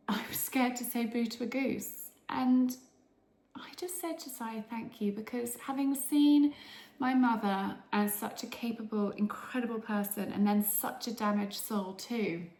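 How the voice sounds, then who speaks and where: A middle-aged woman from England talking through her day in a casual vlog, chatty and emotional, often dropping to a hush. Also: fairly high pitch, vocal fry. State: emotional, tearful. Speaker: vlogger. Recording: echoey room, faint background noise.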